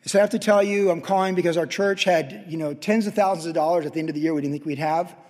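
A man preaching a sermon, telling a story with sudden loud excited peaks between quiet stretches. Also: fairly high pitch, fast talker, in a large hall. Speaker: pastor.

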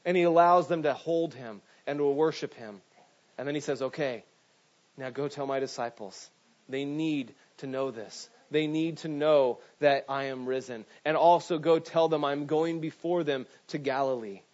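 A man's voice: a little high, normal speed, darkish tone. A male pastor preaching a conversational sermon, often repeating words and asking "right?". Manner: conversational preaching, many restarts and "right?" asides. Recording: dull lo-fi sound.

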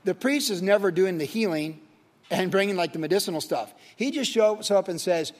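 A man's voice: on the high side, lively intonation, fast talker. A man teaching verse by verse as a pastor, reading scripture and then talking it through casually with fillers and rhetorical questions. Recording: long hall reverb.

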